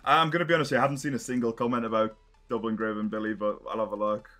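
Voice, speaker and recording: Bright-voiced exasperated streamer, swearing. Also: male voice, on the low side, little pitch movement, racing, soft background music. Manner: exasperated, swearing, thinking aloud. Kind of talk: live stream reaction.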